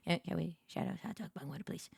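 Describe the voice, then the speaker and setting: A woman's voice: on the low side, vocal fry, a little mellow, slightly rough, no echo, clean studio sound. A woman hosting a casual reaction stream, giggly and playful as she chats. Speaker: streamer host.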